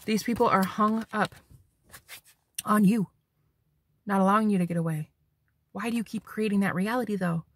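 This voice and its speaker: A woman's voice: medium pitch, fairly even intonation, normal speed, pauses often, breathy edge, no echo. A woman psychic medium giving a spiritual tarot reading, talking bluntly and preachily and swearing for emphasis.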